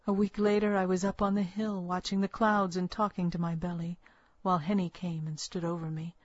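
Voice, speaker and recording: A woman narrating a first-person story with a measured, earnest storytelling manner. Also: lowish voice, level tone, dry recording. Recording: dull, lo-fi, dry recording.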